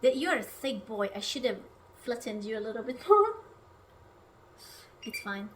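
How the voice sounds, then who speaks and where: A woman's voice: fairly high pitch, big pitch swings, measured pace, fairly bright tone, a little hiss or hum. A young woman from Hungary, chatting casually on a livestream while she cooks, playful and self-mocking. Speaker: streamer.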